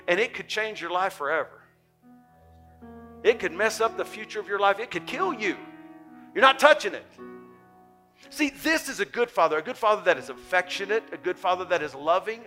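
An older man preaching with a high, bright voice. He moves between hushed, tender passages and loud, fervent urging. Soft music plays faintly behind him. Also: animated, normal speed. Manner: impassioned, swings from soft to loud. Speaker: pastor. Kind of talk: sermon.

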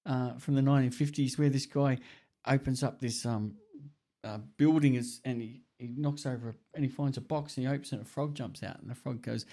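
A man's voice: medium pitch, fairly even intonation, a little fast, warm tone. A middle-aged man talks in a loose, rambling way. He wanders through stories, drops swear words casually and laughs at himself mid-sentence. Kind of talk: casual chat.

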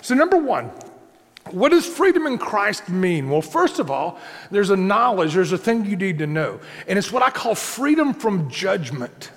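Male pastor, conversational sermon, high gravelly voice, reverberant hall. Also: big pitch swings, normal speed, fairly bright tone. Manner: conversational preaching, repeats points, asks the congregation "right?".

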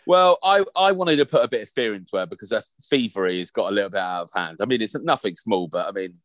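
A man in his thirties hosting a podcast, telling an animated, sweary story with frequent laughter. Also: fairly low pitch, fast talker, dry recording. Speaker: podcast host. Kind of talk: casual storytelling chat.

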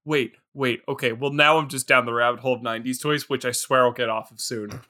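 Bright, excitable man laughing through chat. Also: medium pitch, quick pace. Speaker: podcast co-host. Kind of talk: casual movie recap chat.

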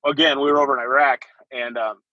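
Bright husky man telling army stories. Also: mid-range voice, little pitch movement, fast, dry recording, lo-fi sound. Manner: laughs often while telling stories. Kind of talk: casual storytelling chat.

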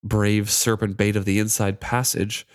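A man's voice: lowish voice, flat delivery, moderate pace, no echo, clean studio sound, natural voice. A man voicing a cruel, mocking wooden charm that taunts a pirate captain, in a raised, sneering voice.

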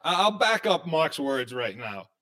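An excitable man hosts a casual sports talk show, his voice sitting a little high for a man. He keeps the chat moving with animated, fast banter.

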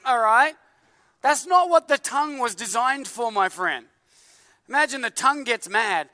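A man in his thirties preaching a sermon in a church, animated and joking, full of filler words. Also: very high voice, unhurried, no echo, long reverb tail. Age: 30s. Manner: animated, jokey, many filler likes. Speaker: pastor.

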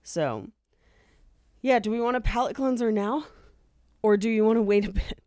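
A woman's voice: fairly high pitch, normal speed, a little mellow, dry recording, studio quality. A woman co-hosting a podcast in casual chat, earnest and emphatic. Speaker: podcast co-host.

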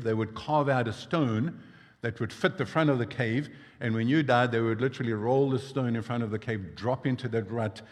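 Guy preaching a sermon, chatty w/ little side notes, mid-pitched voice, echoey hall. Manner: conversational, digressive asides. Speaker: pastor. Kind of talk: sermon with scripture reading.

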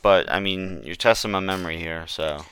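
A man's voice: low voice, normal speed, a bit bright, clear, resonant tone, no echo. A man co-hosting a podcast, talking casually and thinking aloud with hedges. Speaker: podcast co-host. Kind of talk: casual wrestling chat.

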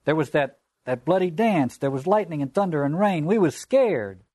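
A man reading aloud and voicing a shrill, anxious, excitable schoolboy who pleads defensively. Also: moderate pace, dry recording, clean studio sound.

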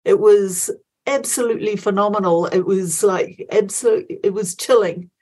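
A woman in her sixties with a New Zealand accent, a guest telling a story in a reflective, unhurried way. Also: medium pitch, darkish tone. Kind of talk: casual chat.

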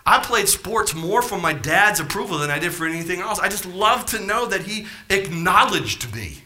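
A male pastor preaching a sermon with passion, firing rhetorical questions at the congregation and swinging from near-shouts to quiet asides. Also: animated, moderate pace. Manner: impassioned, rising to near-shouts then dropping low.

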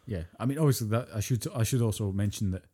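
A man, co-hosting a podcast and retelling a video game's story in casual, animated chat, swearing freely as he goes. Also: lowish voice, fast, husky. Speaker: podcast co-host.

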